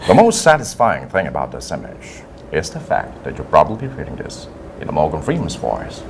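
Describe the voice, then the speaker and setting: A man doing a deep, slow narrator voice. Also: wildly swooping pitch, creaky, slight background noise, heavily acted. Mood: calm. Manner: low measured storytelling delivery. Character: deep slow narrator, impression of famous actor.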